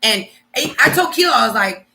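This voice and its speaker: A woman's voice: fairly high pitch, lively intonation, a little fast, bright, forceful tone. A woman chiming in on a shared story in casual talk. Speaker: co-host, partner. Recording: echoey room.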